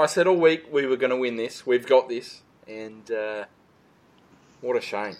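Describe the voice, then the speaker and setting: An Australian man hosting a casual fan podcast, reading listener questions, passionate and prone to swearing. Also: measured pace. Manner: passionate, swearing, trailing off low.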